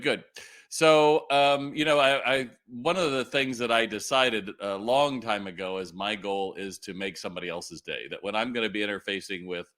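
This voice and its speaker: A man's voice: lowish voice, sharp tone. A middle-aged man hosting a live retail Q&A, talking casually and animatedly, with lots of fillers and restarts. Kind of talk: casual livestream talk.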